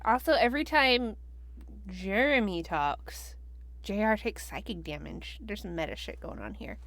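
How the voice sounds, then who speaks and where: A woman runs a tabletop game as game master, talking slowly with a lively, swooping pitch. She describes the scene in a relaxed, dry way and slips in deadpan jokes.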